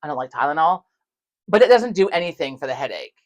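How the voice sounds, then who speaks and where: Woman podcast co-host, low-pitched but very lively, profane, acts out dialogue in her stories. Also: fast. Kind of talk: casual chat, storytelling.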